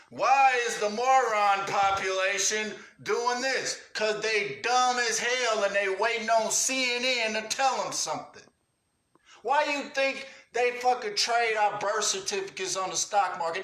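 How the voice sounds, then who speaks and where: A man's voice: high-pitched, a little slow, bright, forceful tone, echoey room, slight background noise. A man hosting a livestream rant, angry and profane, talking street slang and cussing at viewers. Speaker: livestream host. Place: indoors at home.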